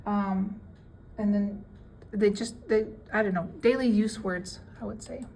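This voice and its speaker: A woman giving a casual language lesson, reading out word lists with their English meanings in a relaxed, chatty way. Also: mid-range voice, a little slow, gravelly, a little hiss or hum, rough recording. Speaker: language teacher.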